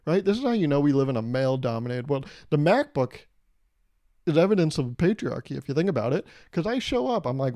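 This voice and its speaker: A man's voice: fairly high pitch, big pitch swings, quick pace, warm tone, no room sound, studio quality. A young man hosting his own podcast, rambling through a casual, profane and jokey monologue. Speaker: podcast host.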